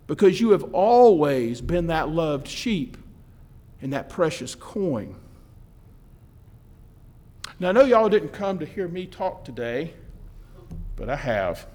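A man preaching as a minister in a church, speaking in a gentle, earnest pastoral way. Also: high voice. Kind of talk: sermon.

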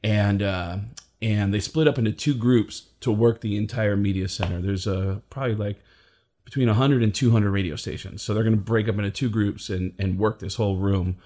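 A man, a comedian and impressionist, telling a story in a casual, animated way. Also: lowish voice, moderate pace. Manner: animated, acts out the voices of people in his stories.

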